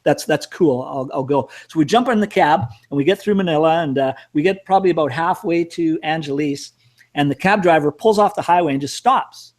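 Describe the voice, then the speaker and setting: Fast-talking middle-aged male storyteller, casual and rambling, cursing now and then. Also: on the high side. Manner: rambling, self-mocking, cursing. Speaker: storyteller host.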